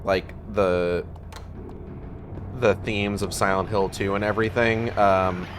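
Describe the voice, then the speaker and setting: A man's voice: low voice, steady tone, slow pace, soft background music. A man streaming a video game live, chatting casually and swearing as he plays, thinking aloud with plenty of fillers. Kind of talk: live gameplay commentary.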